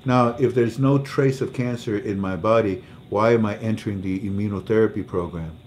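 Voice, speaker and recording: A man with a low voice tells a personal story on his livestream, often going back over the same words. There is faint noise in the background. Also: normal speed, a little mellow. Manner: emotional storytelling, repeats words. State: under treatment for cancer. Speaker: livestream host. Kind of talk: casual livestream talk.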